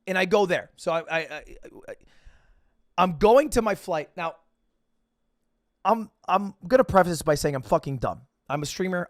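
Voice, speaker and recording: A higher-pitched man spins a rambling, self-mocking story for his stream. He swears freely and trips over restarts, and the sound is dry and close. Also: no echo. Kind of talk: casual storytelling to stream chat.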